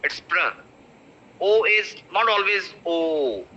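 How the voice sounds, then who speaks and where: A man in his thirties with an Indian English accent, teaching pronunciation in an online class and repeating each word slowly. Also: high voice, expressive, sharp tone. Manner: repeats words slowly for drills, mixes in Hindi. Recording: dull lo-fi online-class audio.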